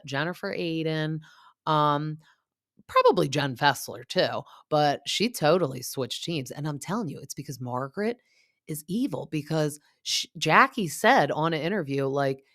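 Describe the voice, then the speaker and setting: A woman's voice: low-pitched, fairly bright tone, dry recording, studio quality. A woman hosting a casual reality TV recap, gossipy and opinionated, with plenty of fillers. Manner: chatty, lots of fillers like "like" and "um".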